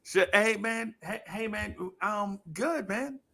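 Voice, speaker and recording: Gravelly, bright-voiced man chatting. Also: high voice, slow. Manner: relaxed, hesitant, filler-heavy, slangy. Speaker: podcast co-host. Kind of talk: casual chat.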